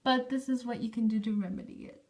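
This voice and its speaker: A woman's voice: on the high side, fairly even intonation, darkish tone. Casual teenage girl giving debate tips. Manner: halting, restarts often, informal slang. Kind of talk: casual unscripted how-to talk.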